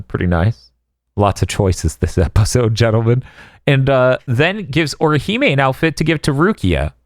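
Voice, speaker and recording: A man's voice: on the low side, no echo, clean studio sound. A man hosting a podcast, recapping anime episodes in a wry, jokey way and laughing often. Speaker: podcast host.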